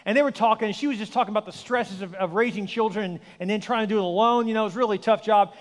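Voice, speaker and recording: Male pastor, forties, quick high voice, joking sermon in a reverberant church. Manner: energetic storytelling with acted voices and self-deprecating humor. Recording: long hall reverb.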